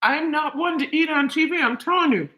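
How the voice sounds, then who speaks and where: A woman vlogs from her home kitchen, gushing over her food in an emotional, chatty way. Her voice is bright and sits a little high, and the room adds a clear echo. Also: fairly quick. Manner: gushing and emotional, talks while eating. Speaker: cooking vlogger. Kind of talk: casual chat to camera.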